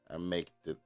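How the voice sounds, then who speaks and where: A man playing a video game and commenting in a laid-back, slangy, joking way, reading the game's lines aloud and sounding tired late at night. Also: bright, forceful tone. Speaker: gaming channel host.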